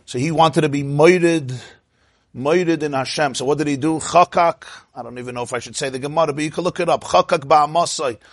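Animated man giving a Torah class. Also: on the high side, a little fast, no echo, clean studio sound. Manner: animated, asks the audience "huh?" and acts out quotes. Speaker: rabbi.

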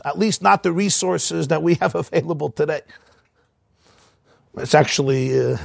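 A man giving a Torah class as a rabbi, telling stories in an animated way and mixing in Hebrew and Yiddish quotes. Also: on the high side, gravelly, dry recording, studio quality.

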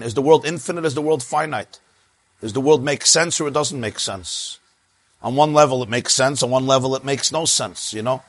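A man's voice: fairly high pitch, no room sound. Dry-sounding man teaching a class. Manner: lively storyteller, stammers on restarts. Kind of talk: religious class lecture with anecdotes.

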